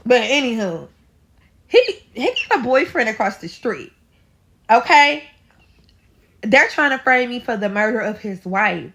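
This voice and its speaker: A woman's voice: on the high side, sing-song, measured pace, long pauses, a bit bright. A woman from St. Louis with a St. Louis accent, dramatically telling a personal story in a casual storytime and talking to her listeners as y'all. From St. Louis, USA. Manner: dramatic, addresses listeners as y'all, swears freely.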